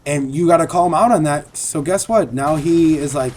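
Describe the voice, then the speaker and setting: A man's voice: on the high side, normal speed, a little mellow, a little hiss or hum. Earnest rambling young-sounding man. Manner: earnest, rambling, repeats himself. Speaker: gaming commentator. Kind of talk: casual video commentary.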